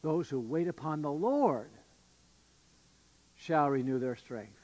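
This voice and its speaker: A man's voice: on the high side, animated, takes it slowly, a little mellow. A male pastor giving an earnest, emphatic sermon with occasional fillers and restarts. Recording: long reverb of a church hall.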